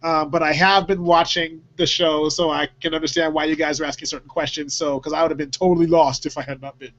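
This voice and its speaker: A man's voice: fairly high pitch, flat delivery, quick pace, fairly bright tone. A man hosting a casual talk show, rambling with many fillers and frequent laughs. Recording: dull lo-fi audio.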